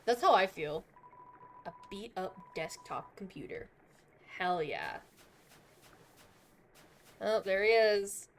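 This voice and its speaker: A woman's voice: mid-range voice, animated, takes it slowly, pauses often, slight background noise. A woman streaming a video game live, reacting with exclamations and reading game text aloud with frequent laughs.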